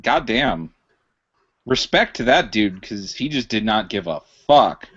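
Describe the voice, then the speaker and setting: A man's voice: on the low side, very animated, unhurried, a bit bright, breathy edge. Man making dry, profane remarks. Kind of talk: casual chat. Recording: dull lo-fi podcast audio.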